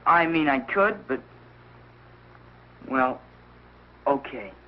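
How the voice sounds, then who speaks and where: An actor playing an awkward, embarrassed teenage son in a 1940s radio sitcom, talking hesitantly. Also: male voice, medium pitch, animated, extremely slow. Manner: hesitant, fumbling. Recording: dull old radio broadcast with faint hiss.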